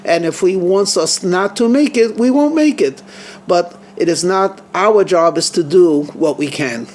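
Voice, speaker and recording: A man voicing a devout older rabbi who speaks quietly, earnestly and with measured calm. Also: high voice. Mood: resolute.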